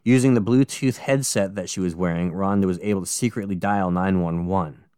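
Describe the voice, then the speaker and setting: Low smooth-voiced man telling a crime story. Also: fairly quick, darkish tone, dry recording, studio quality. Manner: casual, swears freely, jokey asides. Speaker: podcast co-host. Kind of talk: casual true-crime podcast narration.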